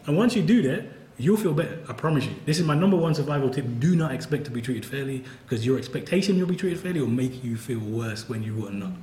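Guy talking fast, wry and laughy, echoey room. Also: medium pitch, lively intonation, dark tone. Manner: candid, wry, laughs often. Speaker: professor and author. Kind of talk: conversational talk at a book event. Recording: roomy event-hall sound.

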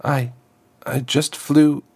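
A man voicing a timid young half-dragon princess in a story reading, halting and hesitant. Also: on the low side, lively intonation, darkish tone, pitched above the performer's own voice. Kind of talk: audiobook character voice.

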